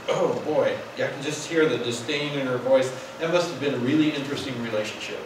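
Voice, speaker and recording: A man teaching a Bible class in an animated, wry, conversational way. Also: medium pitch, fairly quick, hardly any pauses. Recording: echoey room from far off, noisy.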